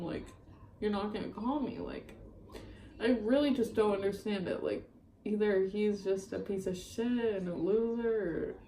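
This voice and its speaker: A woman's voice: mid-range voice, dark tone, roomy sound, a little hiss or hum, low-quality recording. A young woman vlogging a rambling, upset story about a breakup, full of fillers and swearing. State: upset, near tears. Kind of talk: ranting storytime vlog.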